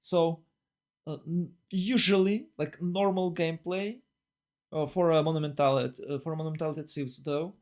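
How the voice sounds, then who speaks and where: A man casting a strategy game tournament live, talking in a rambling, excitable way full of fillers and restarts. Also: fairly high pitch, a little fast. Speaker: tournament caster. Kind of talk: live esports commentary.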